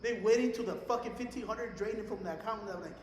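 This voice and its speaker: His voice sits high and he talks fast, this young co-host swearing freely as he tells stories in English peppered with Spanish slang. It's a casual podcast recorded in a reverberant, echoey room, with faint hiss or hum.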